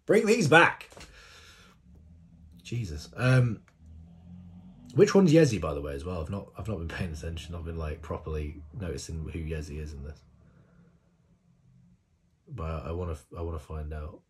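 A man hosting a music video reaction, talking in a rambling, effusive way with sudden excited exclamations. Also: a bass voice, moderate pace, a little hiss or hum. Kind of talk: casual reaction commentary.

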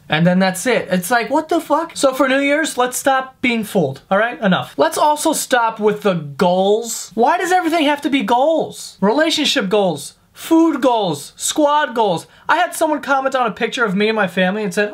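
A man's voice: high-pitched, animated, normal speed. A young man doing a comedic vlog rant, sarcastic and profane, sounding fed up as he talks to camera. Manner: profane, sarcastic, exasperated ranting. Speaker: comedy vlogger.

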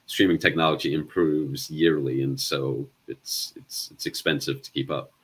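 A man chatting casually as a guest, speaking haltingly with many ums and restarts. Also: very deep voice, little pitch movement, a bit bright, slightly rough. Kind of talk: casual chat.

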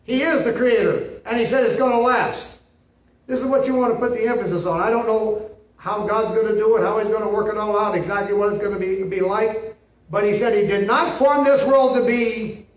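A male pastor preaching a sermon in an emphatic, repetitive way, often checking in with "see?". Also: sits high. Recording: echoey room, mic at a distance.

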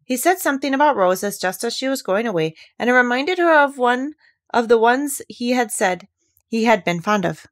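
A woman reading a classic novel aloud with expressive storytelling. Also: a little high, normal speed. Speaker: audiobook reader.

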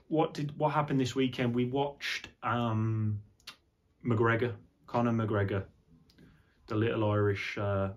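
Rambling vlogger, lowish voice. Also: male voice. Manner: rambling, loose and sweary, heavy on fillers and "man". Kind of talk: casual chat to camera. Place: indoor home studio, seated on a squeaky chair.

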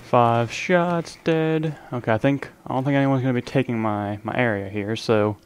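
A man's voice: mid-range voice, normal speed, clear, resonant tone. A young man giving casual, joking live commentary over an online zombie game, leaning toward his desk microphone and bantering at the other players. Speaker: gaming channel host. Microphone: desk microphone, leaning in to be heard.

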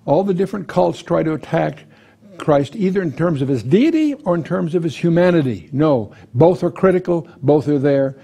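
A man's voice: a little high, dark tone, husky. A man teaching verse by verse through a Bible passage, reading scripture aloud with lifted emphasis and explaining it conversationally with frequent restarts. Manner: restarts and repeats words while thinking.

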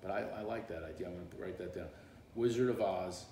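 A middle-aged man, a comedian, telling stories in casual chat on a live stream, animated and full of voices. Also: deep voice, fast, slight background noise. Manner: animated storyteller, does voices and bursts into song. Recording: echoey room.

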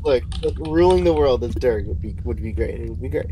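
A man playing a co-op game and chatting casually, joking around and shouting quick directions. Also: medium pitch, lively intonation, slight background noise, poor audio. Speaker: co-op game player announcing the daily challenge. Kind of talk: casual gaming chat.

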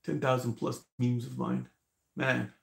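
A man's voice: medium pitch, little pitch movement, measured pace, vocal fry. Rambling man chatting in an echoey room. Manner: rambling, laughs often, swears freely. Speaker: live-stream host. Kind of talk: casual live-stream chat.

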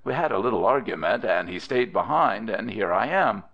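A man's voice: lowish voice, lively intonation, moderate pace, creaky, lo-fi sound. A man voicing a frank, easygoing young cowboy who talks in plain-spoken western drawl in an audiobook.

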